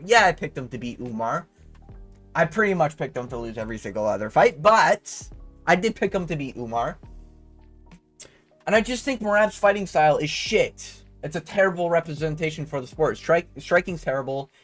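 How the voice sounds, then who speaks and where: A young man ranting in casual commentary, profane and fired-up, with a steady stream of fillers and asides. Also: a little high. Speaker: commentary vlogger. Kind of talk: casual rant.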